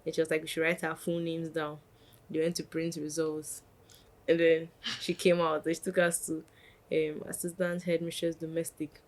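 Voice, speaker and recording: A young woman, a podcast guest telling a lively story and acting out what others said. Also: deep voice, moderate pace. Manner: animated, acts out quotes of others. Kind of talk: casual storytelling.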